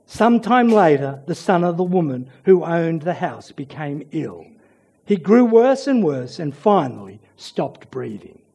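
A male preacher giving a sermon, expressive, with dramatic pauses and frequent restarts. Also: on the high side, vocal fry, breathy edge.

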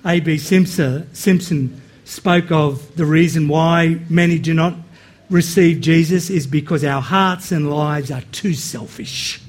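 A man preaching a sermon, slow and emphatic, breaking into quick, animated asides. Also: a little high.

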